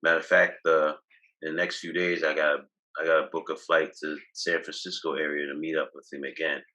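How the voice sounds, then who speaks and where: A man's voice: a bass voice, level tone, a little fast, bright, forceful tone, rough recording. A man telling loose, boastful stories as a guest on a video call, restarting his sentences often. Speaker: guest, cannabis activist. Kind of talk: casual interview talk.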